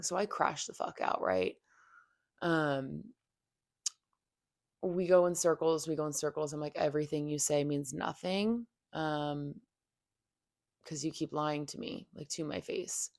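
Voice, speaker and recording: A woman's voice: sits low, vocal fry, no room sound, clean studio sound. A young woman hosting a podcast, telling a personal story in a candid, venting way with lots of filler words and swearing. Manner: heavy "like" fillers, profane, venting. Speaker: podcast host.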